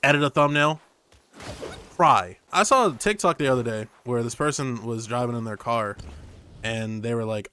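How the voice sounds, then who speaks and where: A young man gives easygoing, rambling commentary over a game stream, jumping between jokes and tangents. His middle-pitched voice has a bright, forward edge and a clean tone, delivered at a moderate pace close to his streaming mic.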